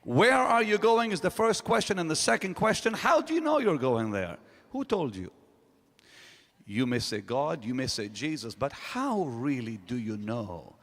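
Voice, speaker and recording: Emphatic preacher in a big hall. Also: male voice, on the high side, big pitch swings, moderate pace, a bit bright. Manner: emphatic preaching with sudden rises and drops. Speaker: pastor. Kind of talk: sermon. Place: large hall.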